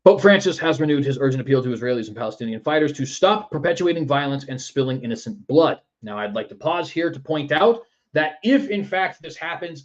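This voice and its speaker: A man's voice: fairly high pitch, muffled recording. A man hosting a political commentary show in a sarcastic, mocking manner. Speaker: news commentary host.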